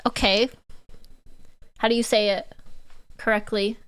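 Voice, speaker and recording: A woman's voice: a little high, level tone, a little slow, fairly bright tone, clean tone. A woman from Canada, giving playful live-stream reaction commentary and teasing her chat.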